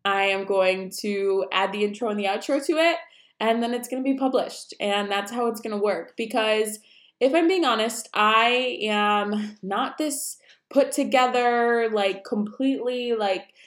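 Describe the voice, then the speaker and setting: A woman's voice: fairly high pitch, unhurried, roomy sound. A young woman hosting her own unedited podcast, chatting casually and rambling, with lots of "um" and "like", recorded at home. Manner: chatty, rambling, says um and like often. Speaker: podcast host. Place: room at home, busy road outside.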